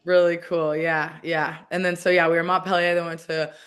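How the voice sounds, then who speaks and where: A woman's voice: lowish voice, flat delivery, fairly quick, a bit bright, clear, resonant tone. A woman in her thirties in a casual interview, talking in a chatty way with lots of "like" and restarts. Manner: chatty, heavy use of "like", frequent restarts. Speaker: guest, professional soccer player.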